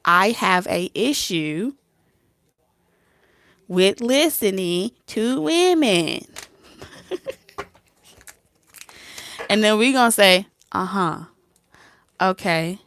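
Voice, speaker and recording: A woman's voice: medium pitch, animated, drawn-out words, pauses often, slight background noise. A woman tarot reader talking casually, blunt and streetwise, who laughs often and acts out both sides of a conversation. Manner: laughs often and slips into soft whispers. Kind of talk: casual talk to camera.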